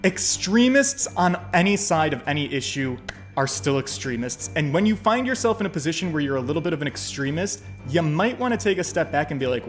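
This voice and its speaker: Swearing freely, a male streamer offers animated, joking let's-play commentary in a high voice that swoops all over, talking a little fast. Faint music sits beneath his words.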